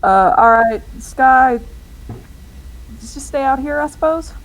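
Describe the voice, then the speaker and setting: A woman's voice: sits high, expressive, slow pace, poor audio. Casual woman player steering the group. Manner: casual, leading the group's actions. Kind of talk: tabletop game play.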